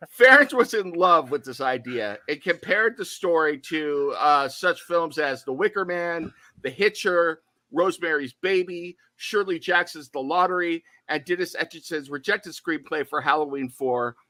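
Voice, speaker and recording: Bright-voiced animated male podcast co-host. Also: fairly high pitch, unhurried, dry recording. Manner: animated, digressive, playful asides. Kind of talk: casual horror podcast chat.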